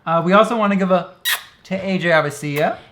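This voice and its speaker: A woman's voice: on the low side, fast talker, background noise. A woman co-hosting a casual chat show, laid-back and dry as she reads out thank-yous. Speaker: co-host.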